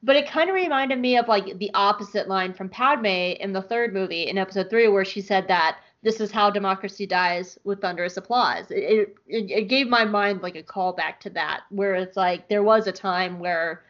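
A woman's voice: medium pitch, normal speed, hardly any pauses, a bit bright, muffled recording. A woman co-hosting a podcast, recapping an episode in casual, enthusiastic chat with plenty of "like" fillers. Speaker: podcast co-host.

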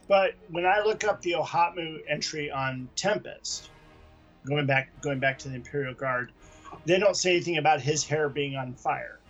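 A man's voice: on the high side, normal speed, fairly bright tone, lo-fi sound, soft background music. A man co-hosting a comics podcast, talking casually and rambling through his points. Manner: chatty, rambling with restarts. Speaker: podcast co-host. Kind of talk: casual chat about comics.

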